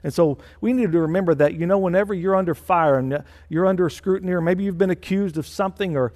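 A man's voice: sits high, fast, darkish tone. Emphatic male pastor in a reverberant hall. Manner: emphatic, repeats phrases for stress. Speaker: senior pastor. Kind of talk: sermon. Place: church.

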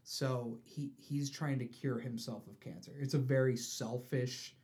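Animated man retelling a comic story. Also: mid-range voice. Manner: animated, acts out characters in quick put-on voices.

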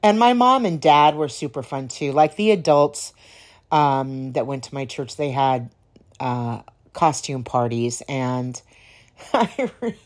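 Podcast host, female, low-pitched, unhurried; casual storytelling with a slight hoarseness. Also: expressive. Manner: rambling, laughs while telling stories. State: slightly hoarse, clearing throat.

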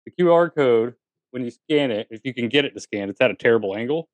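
Animated man talking TV theories. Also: mid-range voice, fast talker, no room sound, lo-fi sound. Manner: animated, lots of fillers and restarts. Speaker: podcast co-host. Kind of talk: casual chat.

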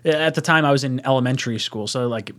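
A man co-hosting a casual sports chat stream, animated and self-mocking, breaking into laughs as he tells stories. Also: mid-range voice, fast. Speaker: podcast co-host.

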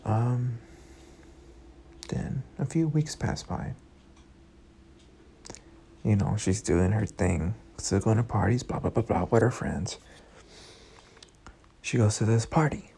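A man's voice: on the low side, lively intonation, takes it slowly, creaky, long pauses, warm tone, breathy edge. A young man in his twenties telling a casual story, frank and profane, talking straight to his listeners. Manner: frank, profane, talks to the audience directly. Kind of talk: casual storytime, swearing freely.

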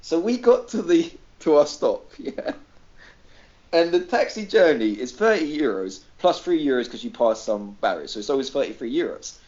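A man from Greece tells a story on a podcast in a higher-than-usual voice that swings widely up and down. He swears freely and acts out the people he quotes. The recording sounds dull and lo-fi. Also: sing-song, normal speed, a little mellow. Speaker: podcast regular. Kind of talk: casual storytelling.

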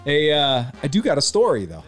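A man hosting a podcast, telling a story in a laid-back, slangy way with lively energy. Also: fairly high pitch, a little fast, faint music behind. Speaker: podcast host. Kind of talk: casual storytelling.

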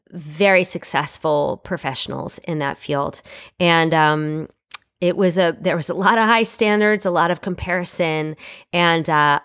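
A young adult woman teaching from the Bible in a casual, earnest, conversational way, with frequent fillers. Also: lowish voice.

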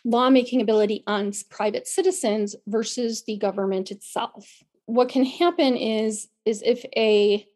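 A woman's voice: a little high, steady tone, normal speed, a little mellow. A woman co-hosting a podcast, talking earnestly in a casual way, often restarting and repeating words, her voice a little worn as she loses it. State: losing her voice. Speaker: podcast co-host.

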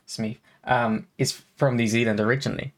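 A man's voice: medium pitch, fairly even intonation, moderate pace, fairly bright tone. Chatty man rambling with fillers. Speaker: podcast co-host and streamer. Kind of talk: casual chat.

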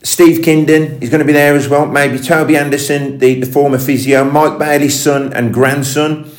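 Quick-talking male podcast host. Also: on the high side, steady tone. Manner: quick, affirming interjections and plugs. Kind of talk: conversational interview. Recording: echoey room.

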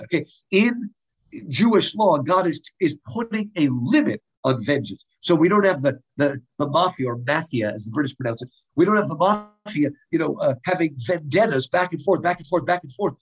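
Guy rambling eagerly about old plays, kinda husky, slightly high voice. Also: poor audio. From United States. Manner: animated, digressive, many restarts. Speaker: guest lecturer on Greek drama. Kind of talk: casual explanatory talk.

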